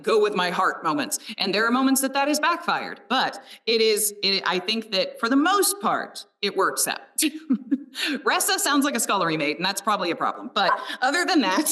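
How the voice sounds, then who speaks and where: A woman's voice: medium pitch, sharp tone, recorded from a distance. A woman who narrates audiobooks talking casually and enthusiastically, often laughing. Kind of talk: casual conversation.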